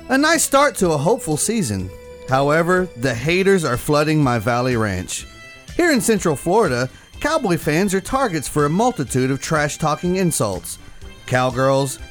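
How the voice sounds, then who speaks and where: Angry Texan fan, male, blustery ranting delivery with lively pitch, slightly higher voice, put on by a podcast co-host. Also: exaggerated voice. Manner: blustery trash-talking rant.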